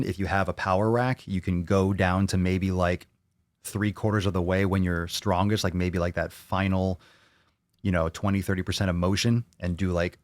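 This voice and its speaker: This man's voice sits low and is recorded with studio quality and no room sound. Hosting a fitness channel's live Q&A, he answers viewer questions bluntly, swearing freely and ranting his opinions.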